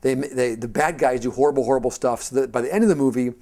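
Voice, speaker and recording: A man's voice: mid-range voice, fast. A middle-aged man teaching a Christian seminar in an informal, rambling way, telling stories and acting out the quotes in a raised voice. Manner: animated storyteller who acts out quotes in a raised voice; rambling and conversational, with frequent restarts.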